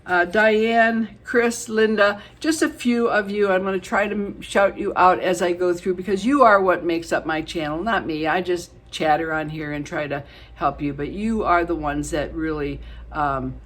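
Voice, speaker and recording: A woman's voice: lowish voice, fairly even intonation, moderate pace. A middle-aged woman vlogging to her viewers in a casual, chatty and affectionate way, with many fillers. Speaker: beauty vlogger. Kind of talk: casual chat to camera.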